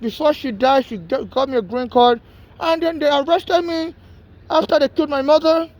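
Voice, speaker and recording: A man's voice: extremely high pitch, moderate pace, a little mellow. A man from Nigeria, making an urgent, rambling plea straight to camera about being homeless and mistreated. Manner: rambling, pleading, repeats himself.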